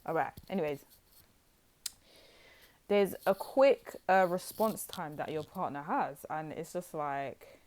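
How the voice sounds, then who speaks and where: A woman's voice: low voice, slow, long pauses, darkish tone. A young woman doing a casual tarot reading to camera, chatty and rambling, talking straight to her viewers. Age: young adult. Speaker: tarot reader.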